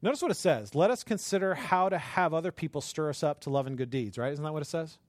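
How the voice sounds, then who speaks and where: A man's voice: fairly high pitch, fast, no room sound. A male pastor preaching in a conversational storytelling way, often checking in with the listeners and acting out the voices in his stories. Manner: storytelling, tag questions, acts out voices. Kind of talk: conversational sermon.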